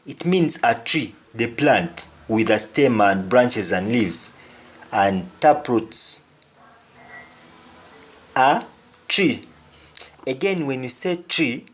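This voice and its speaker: A male teacher walks through a language lesson at a slow, measured pace. His voice sits at an ordinary middle pitch. He repeats each example phrase twice before he explains it.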